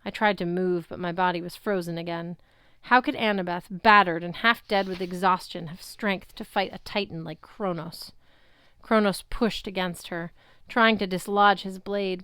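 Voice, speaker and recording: A woman narrating a novel chapter aloud in the first person with steady, unhurried reading. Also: mid-range voice, smooth, no echo, studio quality. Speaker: audiobook reader.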